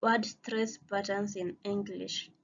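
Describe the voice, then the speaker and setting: A woman teacher reads a phonetics course outline in a slow, careful, halting way, often breaking off to restart a word. Her voice sits at a middle pitch. The recording is a bit dull and lo-fi, with a faint hiss behind her. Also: steady tone, creaky. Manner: slow, halting reading with frequent restarts on words.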